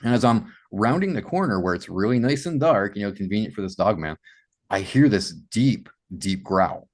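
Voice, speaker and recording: A man from Massachusetts, a podcast guest, telling his story in an animated way with many "you know" fillers. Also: on the low side, normal speed. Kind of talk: storytelling in an interview.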